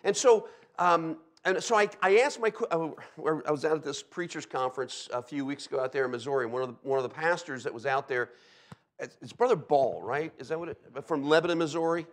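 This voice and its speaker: A man's voice: on the high side, brisk. A middle-aged man from Delaware preaching a sermon as a pastor, telling stories with sound effects and frequent "okay?" asides. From Delaware, USA.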